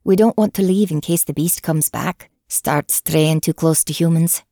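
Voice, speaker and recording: A woman doing a breathy Irish huntress. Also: low voice, moderate pace, mellow, no echo, studio quality. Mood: cheery. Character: eager female hunter with light breathy voice.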